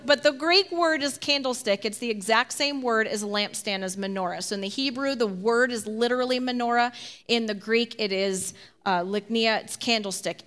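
A woman teaching a congregation in a lively, conversational sermon style, with laughing asides. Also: on the high side.

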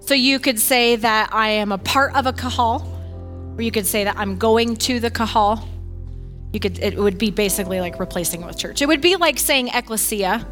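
A woman giving an animated, emphatic talk on faith, often acting out what other people say. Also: fairly high pitch, normal speed, soft background music. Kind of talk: casual teaching talk on faith.

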